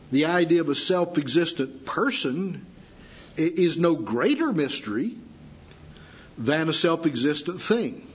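A man delivers a sermon in a measured, teaching manner, pausing to let points sink in. His voice sits a little high and sounds husky. The recording is dull and lo-fi. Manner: measured, deliberate teaching with pauses for emphasis. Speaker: preacher.

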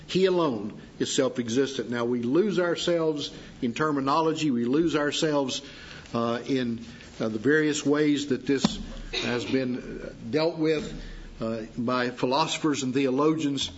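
A man preaching a sermon, teaching slowly and deliberately with pauses for emphasis. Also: mid-range voice, husky. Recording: dull lo-fi sound.

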